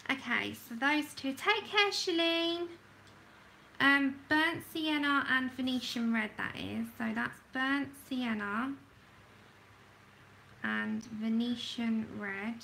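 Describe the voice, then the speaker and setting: Livestream host, woman, gravelly and bright, slow and chatty, slight background hiss. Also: a little high, low-quality recording. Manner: chatty, self-laughing, talks to herself while working. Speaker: livestream host swatching colour pencils. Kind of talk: casual livestream chat.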